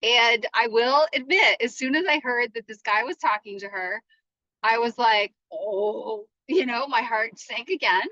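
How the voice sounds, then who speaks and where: A woman in her forties hosting a podcast from her parked car, talking in a rambling, halting way with many restarts. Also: a little high, bright, forceful tone, no room sound, muffled recording. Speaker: podcast host. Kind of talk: casual solo podcast monologue.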